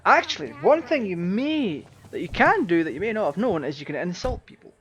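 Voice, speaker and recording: Excitable man narrating gameplay. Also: high-pitched, a little fast. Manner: chatty, jokey, excitable reactions. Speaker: gaming YouTuber. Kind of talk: casual gameplay commentary.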